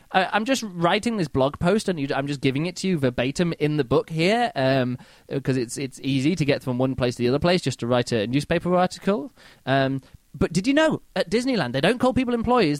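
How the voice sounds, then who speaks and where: A man's voice: high-pitched, fairly quick, dry recording. A man hosting a podcast, casually reviewing a book in an exasperated, mocking way. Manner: exasperated, mocking, animated, reads quotes aloud.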